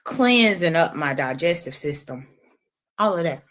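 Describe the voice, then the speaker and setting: A woman's voice: low voice, unhurried. A woman livestreamer talking casually and brashly, taunting and cursing while she eats a lemon on stream. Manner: animated, talks while eating a lemon. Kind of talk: casual livestream trash talk.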